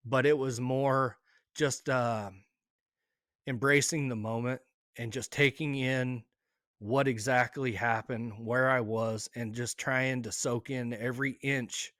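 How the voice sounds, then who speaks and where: Halting, emotional man telling a story. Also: medium pitch, steady tone, a bit bright, dry recording, clean studio sound. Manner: emotional, halting with fillers and restarts. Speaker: hunter telling his story. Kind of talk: casual storytelling.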